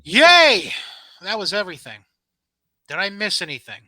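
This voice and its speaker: A man hosting a podcast, recapping shows and tossing in wry quick reactions. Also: high voice, lively intonation, sharp tone, no echo. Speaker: podcast host. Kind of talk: casual chat.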